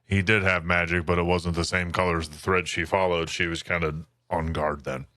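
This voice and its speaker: A man co-hosting a podcast, adding brief, low-key comments and asides in casual chat. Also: flat delivery, brisk, sharp tone, dry recording, studio quality. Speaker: podcast co-host. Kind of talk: casual book-club chat.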